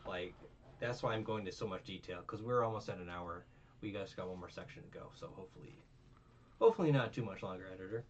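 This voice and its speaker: A man with a fairly low voice recaps an anime arc in loose, profane chat, getting louder when he gets worked up. He sits a bit back from a dull, lo-fi mic. Faint room noise hums underneath. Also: fast talker, slightly rough, recorded from a distance. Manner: rambling, profane, animated with put-on character voices. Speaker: anime reviewer host.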